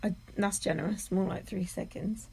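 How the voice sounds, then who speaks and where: A woman co-hosting a casual podcast, trading dry, teasing and sweary remarks in a voice of middling pitch. She keeps an easy, unhurried chat going. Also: vocal fry, darkish tone, slightly rough, rough recording. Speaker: podcast co-host.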